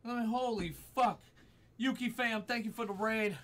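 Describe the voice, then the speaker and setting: Live gameplay commentary from a man streaming a horror game, his voice sitting high with a steady tone at normal speed and music in the background. He swears a lot, jumps and gets teary with fright, and yelps and laughs at every scare.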